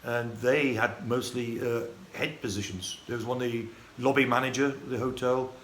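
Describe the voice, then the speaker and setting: Guy from the uk rambling thru his story, halting, keeps restarting, mid-pitch voice, echoey room. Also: fairly even intonation. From United Kingdom. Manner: rambling, halting, many restarts and fillers, chuckling. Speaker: vlogger. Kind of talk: casual storytelling monologue. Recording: echoey room with faint ambient noise.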